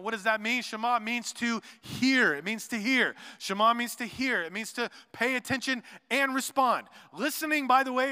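A pastor preaching a sermon, moving between loud emphatic lines and soft quiet asides, with joking remarks to the congregation. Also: male voice, very high voice, smooth. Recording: long reverb of a large hall.

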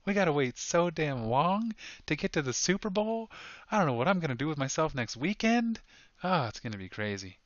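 A man co-hosting a casual sports podcast, excitable and quick to laugh, often restarting his sentences. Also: fairly high pitch, no room sound, muffled recording. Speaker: podcast co-host.

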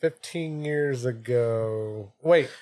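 A man's voice: mid-range voice, slow, mellow. A young man co-hosting a casual podcast, joking and rambling through his interjections. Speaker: podcast co-host.

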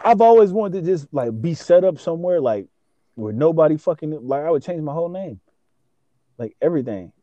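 Young man, casual chat, mellow voice, excitable, profane, slangy, dull lo-fi recording. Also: on the high side, fairly quick, dry recording. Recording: dull lo-fi sound.

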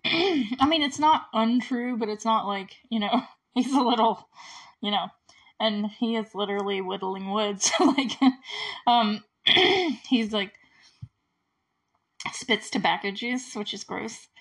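A woman casually recapping a movie, chatty and full of "like", with small laughs and frequent throat clearing. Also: fairly high pitch, slow, pauses often, a bit bright. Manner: often clears her throat.

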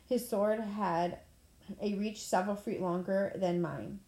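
Brief: woman reading a story aloud, mellow dark tone, roomy echo, plain delivery. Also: mid-range voice, steady tone, a little slow. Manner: plain reading, clears throat now and then. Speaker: audiobook reader. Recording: echoey room.

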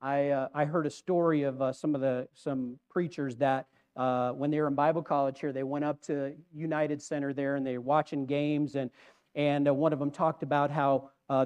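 A man's voice: on the high side, darkish tone, smooth. A man preaching a conversational sermon, rambling and putting questions to the congregation.

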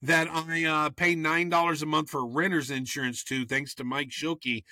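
A man co-hosting a podcast, talking loudly and teasing his co-host in casual chat. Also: on the high side, moderate pace, no room sound, studio quality. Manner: loud, animated, teasing.

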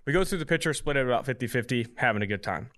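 A young man hosting a podcast, rattling off a story at a quick clip. His voice is bright and forward, and he acts out the dialogue as he goes. He talks in a loose, casual way. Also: mid-range voice. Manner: fast, animated storytelling with quoted dialogue. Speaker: podcast host.

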